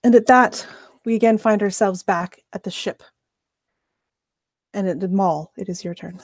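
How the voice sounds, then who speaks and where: A woman playing a tabletop game, speaking softly and hesitantly, switching between character and table talk. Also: medium pitch, normal speed, no echo, clean studio sound. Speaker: player. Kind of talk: tabletop role-play, in and out of character.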